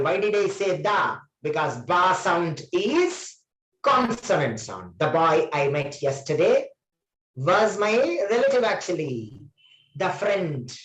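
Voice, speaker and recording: A man's voice: a little high, a bit bright. A man giving a classroom grammar lecture, emphatic and often quizzing his students. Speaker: trainer. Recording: roomy classroom echo.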